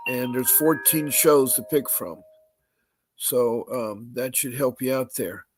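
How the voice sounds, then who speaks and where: Halting middle-voiced man hosting a live stream. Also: mid-range voice, husky, dry recording, faint music behind. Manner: halting, many fillers and restarts, repeats details slowly. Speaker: podcast host. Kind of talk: live-stream housekeeping announcements.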